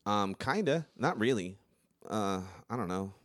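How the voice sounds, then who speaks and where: A man's voice: lowish voice, animated, a little slow, a bit bright, no room sound, clean studio sound. A young man, a comedian guest, telling stories in casual chat, stammering, rambling and laughing often. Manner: rambling, stammering storyteller who laughs often and slips into impressions.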